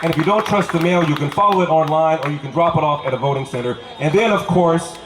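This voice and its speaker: A man's voice: fairly high pitch, fast talker. A man from Los Angeles speaking as a candidate at an outdoor rally, telling stories and hammering home short repeated lines. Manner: storytelling with punchy repeated lines. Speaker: political candidate. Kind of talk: outdoor campaign rally speech. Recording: echoey crowd recording. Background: crowd noise.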